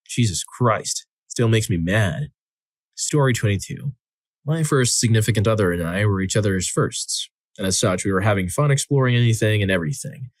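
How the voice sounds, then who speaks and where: A man reading listener stories aloud as the narrator of a compilation, in an expressive, dramatic style that acts out the quotes. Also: fairly low pitch, no echo. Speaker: story narrator. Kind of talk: scripted narration of reader stories.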